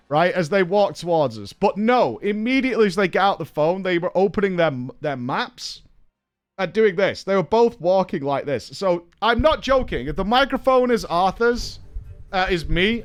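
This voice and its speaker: A man streaming, telling a story in a casual, animated way, swearing and laughing along. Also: high voice.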